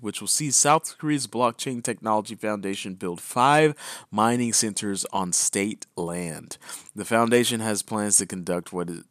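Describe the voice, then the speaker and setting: A man's voice: lowish voice, no room sound, studio quality. A man co-hosting a podcast, reading news headlines and explaining them in casual chat, often adding "right?". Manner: reads headlines, then explains loosely with "right?" asides. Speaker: podcast co-host.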